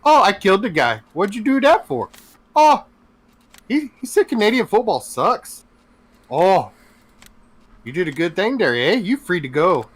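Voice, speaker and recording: A man's voice: sits high, sing-song, fast talker, hardly any pauses, pushed and bright, husky, voice pushed up, full character voice. A man voicing an overly polite, apologetic Canadian man who tacks "eh" and "there, bud" onto his lines. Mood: sheepish polite.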